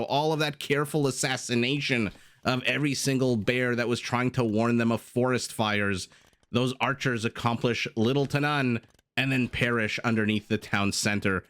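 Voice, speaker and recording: A man's voice: medium pitch, moderate pace, a bit bright. A young man giving playful, self-deprecating live commentary on a strategy game, with jokey asides. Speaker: game caster.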